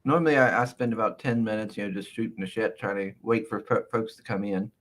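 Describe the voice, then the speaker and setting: A man's voice: fairly low pitch, fast talker, fairly bright tone. A man hosting a casual livestream, reading out the chat and laughing along. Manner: laughing, talks back to chat. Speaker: livestream host.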